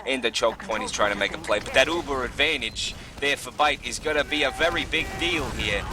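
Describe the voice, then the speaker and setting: A man giving live play-by-play commentary on a game, excitable, his voice jumping up during big plays. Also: fairly high pitch, brisk, hardly any pauses, over music. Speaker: esports caster.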